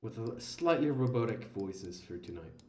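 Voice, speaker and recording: Halting game master on an echoey call. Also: male voice, on the low side, expressive, a crowd in the background. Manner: halting, full of fillers. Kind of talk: running a tabletop game. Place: online voice call.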